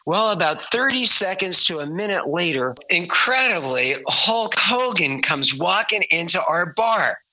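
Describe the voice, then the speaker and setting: Bright-voiced man telling a story. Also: high voice, unhurried, few pauses, dry recording, lo-fi sound. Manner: lively storyteller who acts out quoted voices. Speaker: musician and author. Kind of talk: telling an anecdote.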